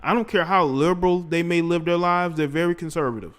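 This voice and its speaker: A man's voice: a little high, a little fast. A man hosting a casual livestream, rambling in slang and talking straight to his chat. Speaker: livestream host.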